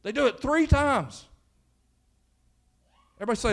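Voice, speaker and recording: High-voiced preacher telling a story. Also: male voice, fairly quick. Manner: animated preacher retelling a story, with frequent restarts. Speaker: pastor. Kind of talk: sermon storytelling.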